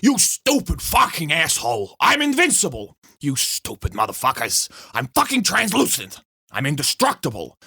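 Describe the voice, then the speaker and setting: A man putting on an enraged male superhero with a thick Boston accent, who yells boasts and curses in a high, strained voice. The tone is bright and sharp, with wide swings in pitch. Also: huge pitch swings, normal speed, gravelly, slightly rough, no room sound, studio quality, heavily acted. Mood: furious, boastful. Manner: shouting, swearing, boastful. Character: foul-mouthed furious male superhero, boastful.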